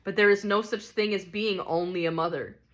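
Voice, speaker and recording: A woman voicing a calm, patient male spirit. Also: mid-range voice, natural voice. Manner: calm, measured, reasoning. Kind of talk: audiobook character reading.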